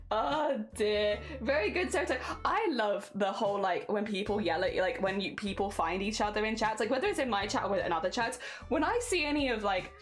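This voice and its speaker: An English woman chats with her viewers during a crafting stream. She talks in a casual, rambling way and breaks into laughter often. Her pitch jumps up and down a great deal, and soft music plays in the background. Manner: animated, laughs often, chatty.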